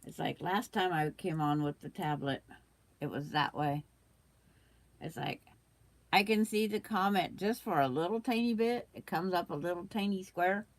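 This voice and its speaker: Older woman with the hiccups, a lowish voice, chatting casually as a sewing livestream host. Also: moderate pace, no room sound. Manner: chatty, reads out viewer comments, hiccups.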